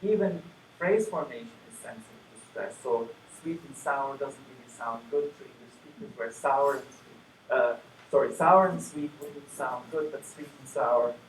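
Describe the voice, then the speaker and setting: A man giving an academic conference lecture, explaining in a relaxed, conversational way with dry asides. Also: medium pitch, normal speed. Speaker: conference plenary speaker. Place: lecture room. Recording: echoey room from far off, faint hum.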